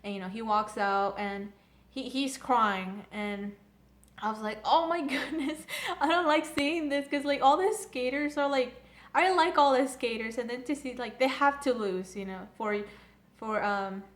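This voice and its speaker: A woman's voice: fairly high pitch, a little slow, fairly bright tone. A young woman recapping and reviewing an anime episode in a casual, rambling, gushing fan manner. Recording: echoey room.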